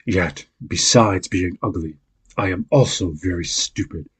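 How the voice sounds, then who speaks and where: A man voicing a gentle, unhappy male beast who speaks with awkward politeness in a low, rough voice. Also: measured pace, full character voice. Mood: melancholy.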